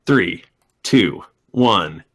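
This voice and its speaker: A man's voice: deep voice, animated, extremely slow, fairly bright tone. A man working as dungeon master, chatting casually with his players and then formally opening the show. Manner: counts the group in and opens the show with a formal greeting. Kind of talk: casual banter before a game stream.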